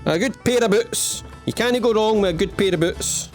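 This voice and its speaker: With faint music in the background, this Scottish man speaks in a high voice at normal speed. He's a gaming channel host doing playful let's-play commentary, rambling along with self-mocking jokes and asides to the viewer as he plays.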